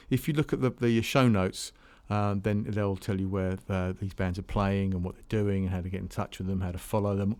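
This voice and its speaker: A man's voice: on the low side, darkish tone. A man hosting a music podcast on his own, chatting casually between songs in a rambling way, often restarting his sentences. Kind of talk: casual solo chat between tracks.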